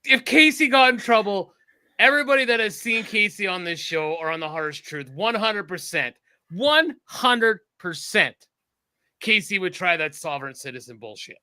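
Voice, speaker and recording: A man from Texas co-hosts a casual podcast. His fairly high voice has a very bright, sharp edge. He rambles and swears freely as he chats. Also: brisk, clean tone. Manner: rambling, animated, swears a lot. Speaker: podcast co-host.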